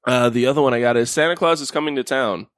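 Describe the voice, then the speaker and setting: A man's voice: medium pitch, quick pace, dry recording. Casual man co-hosting a podcast, dry mic. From Miami. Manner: animated storytelling with playful character voices. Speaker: podcast co-host presenting a list. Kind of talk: casual chat.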